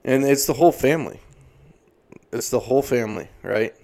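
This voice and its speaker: A man's voice: medium pitch, expressive, brisk, creaky, darkish tone. Guy in his 30s doing a fired-up sweary rant, exasperated the whole way. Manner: profane, exasperated, heavy swearing. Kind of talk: comedic rant.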